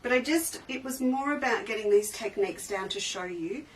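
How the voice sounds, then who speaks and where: A woman's voice: mid-range voice, animated, moderate pace. Chatty woman, slightly off-mic. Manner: chatty, enthusiastic, trails off and restarts. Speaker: fabric shop owner hosting a live sale. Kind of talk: casual live-stream sales chat. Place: indoors in a sewing shop. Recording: slightly distant mic with faint background noise.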